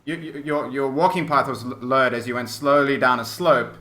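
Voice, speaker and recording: Casting note: male game master, bright forceful voice, descriptive, lots of "like" and "uh". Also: medium pitch, fairly even intonation, a little fast. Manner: descriptive, hesitant with many fillers. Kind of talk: narrating a tabletop game.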